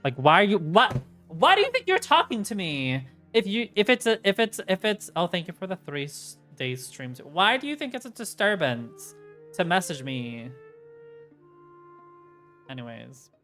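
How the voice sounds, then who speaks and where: A woman's voice: fairly low pitch, moderate pace. Ranting woman livestreamer. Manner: ranting, swearing, reacting to chat; animated, voice jumps up when worked up. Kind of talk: casual chat while streaming. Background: faint music.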